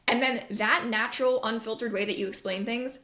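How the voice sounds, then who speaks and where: A woman's voice: fairly high pitch, fairly even intonation, a little fast, bright, forceful tone. Chatty woman podcaster, roomy sound. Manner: candid and chatty, swears casually, acts out quoted voices. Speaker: podcast host, marketing coach. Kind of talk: casual advice podcast monologue.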